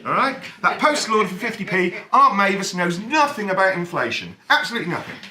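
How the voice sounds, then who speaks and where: Male stand-up, wry deadpan turning animated, high bright voice, faint room ambience behind. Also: fast talker, roomy sound, a little hiss or hum. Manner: wry, deadpan delivery with sudden animated outbursts. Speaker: stand-up comedian. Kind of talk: stand-up comedy set. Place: cabaret bar venue, echoey room.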